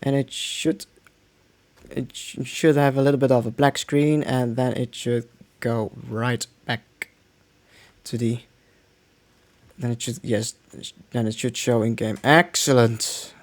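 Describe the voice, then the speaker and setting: A man's voice: mid-range voice, fairly even intonation, slow pace. A man streaming a game, giving casual live commentary, rambling and restarting his sentences as he plays. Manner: rambling, restarts often, mutters to himself.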